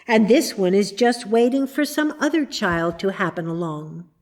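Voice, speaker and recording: A woman voicing a male dream guide who speaks in a dry, teasing, monotonous way. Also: medium pitch, moderate pace, natural voice.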